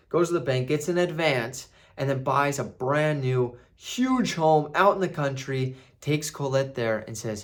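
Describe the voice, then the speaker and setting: A man's voice: fairly high pitch, unhurried, hardly any pauses. A man casually recapping a film, rambling with restarts and fillers. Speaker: movie reviewer.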